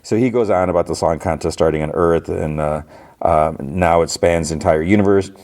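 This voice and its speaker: A man's voice: deep voice, a little fast, darkish tone. A man hosting a podcast, casually recapping a TV episode in a rambling way with lots of "like" and fillers. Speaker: podcast host.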